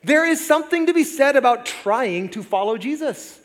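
A man in his forties preaching a sermon as pastor, lively and conversational with jokey asides. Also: extremely high pitch, normal speed. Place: church sanctuary. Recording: long reverb of a large hall.

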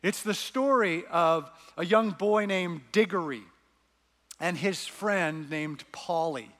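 Male pastor, earnest storyteller, slightly high voice, long hall reverb. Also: slow pace, a bit bright. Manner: earnest storytelling, reads scenes aloud. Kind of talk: sermon.

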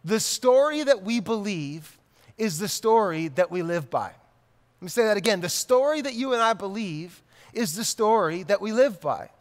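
A male pastor in his thirties preaching with a notably high voice, casual and direct, circling back to repeat his main points. His sermon rings through a large hall with a long reverb tail. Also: lively intonation, normal speed. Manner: conversational, repeats key lines for emphasis.

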